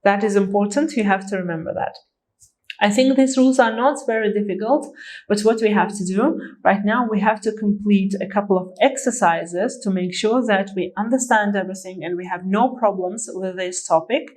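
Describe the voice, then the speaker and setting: A woman's voice: medium pitch, moderate pace, a little mellow, low-quality recording. A woman teaching an English grammar lesson, speaking patiently and repeating each word for learners to practise. Her first language is Azerbaijani.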